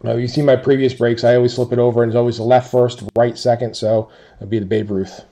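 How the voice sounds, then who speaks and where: A man hosting a card break, steadily reading out team names and players one after another. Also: medium pitch. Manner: steady rapid-fire listing of teams and players. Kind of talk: calling out cards in a box break.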